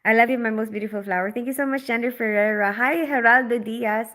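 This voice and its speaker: Woman from the Philippines, livestream host, bright voice, fairly high, chatty, laughs a lot. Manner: chatty, quick, laughs often, many fillers. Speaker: livestream host, operating room nurse. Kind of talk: casual livestream chat, reading comments.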